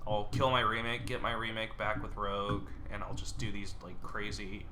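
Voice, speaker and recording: A man's voice: lowish voice, level tone, moderate pace, hardly any pauses, very noisy. A man giving casual, muttering commentary while he plays a card game online, with sarcastic outbursts at bad draws. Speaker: gameplay streamer.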